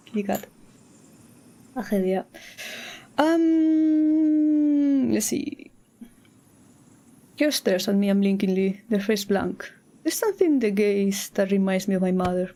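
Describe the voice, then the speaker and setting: Giggly, playful streamer. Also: female voice, fairly high pitch, a little mellow. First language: Spanish. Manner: playful and giggly, with many restarts. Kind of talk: casual gameplay streaming chat.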